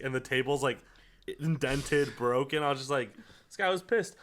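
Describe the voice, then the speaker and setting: A man's voice: medium pitch, normal speed, a bit bright. A young man co-hosting a casual podcast, laid-back and joking as he reviews an anime episode. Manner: laid-back, joking, with lots of fillers and restarts. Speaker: podcast co-host.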